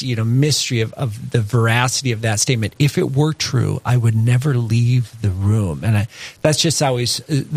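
A man's voice: medium pitch, no room sound. A man, a Catholic priest, speaking earnestly and reflectively in a conversational faith discussion and telling a story with many asides. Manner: earnest, reflective, tells stories with many "you know" asides.

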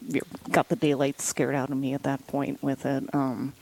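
A woman's voice: extremely low pitch, little pitch movement, moderate pace, darkish tone, poor audio. A woman guest telling her story in a casual interview, chatty and laughing often.

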